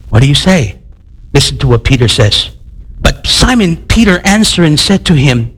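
A male preacher giving a sermon in a conversational, animated way, questioning his congregation and often restarting his sentences. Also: on the high side, normal speed, slightly rough, low-quality recording.

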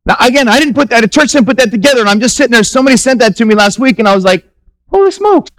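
Brief: male pastor with a high voice, casual but emphatic pulpit delivery, keeps quizzing the congregation. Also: very fast, fairly bright tone, low-quality recording. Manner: conversational, emphatic preaching with rhetorical questions to the congregation. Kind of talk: sermon. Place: church.

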